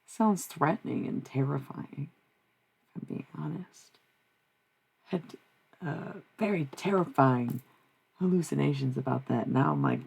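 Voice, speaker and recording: Woman livestreamer, husky and low, casual and blunt, swears easily. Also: a little slow, darkish tone. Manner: blunt and profane, musing aloud. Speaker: streamer giving psychic messages.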